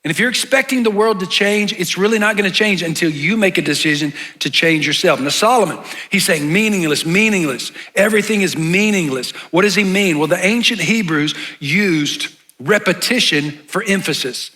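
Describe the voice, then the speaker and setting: Bright-voiced male pastor preaching emphatically. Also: sits high, moderate pace, few pauses. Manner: emphatic preaching, voice rising on key words, with casual asides. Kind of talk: sermon.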